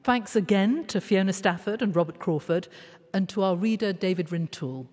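A woman's voice: medium pitch, moderate pace, darkish tone, big-room sound. A woman hosting a discussion, asking her guests questions in a poised way. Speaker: host. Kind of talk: presenting a discussion.

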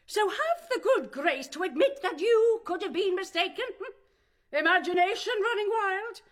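An actress with a very high, animated voice performs a stage play in rhyming verse at a moderate pace. She plays a haughty, pompous older mother who is stubbornly devout and refers to herself as "one."

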